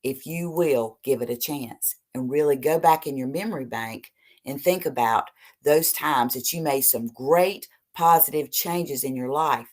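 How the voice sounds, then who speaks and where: A woman with a low voice gives an earnest motivational talk about recovery. She reads short passages aloud, then preaches on them, sometimes pushing hard and sometimes dropping to near-whispers. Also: measured pace. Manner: earnest, preachy, animated with sudden soft drops. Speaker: recovery speaker.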